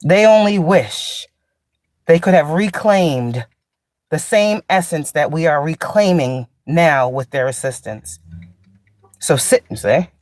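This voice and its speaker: A woman's voice: deep voice, animated, slow pace, darkish tone, no echo, studio quality. A woman spiritual teacher in a casual, blunt, profane monologue, laughing often and drawing out sarcastic asides.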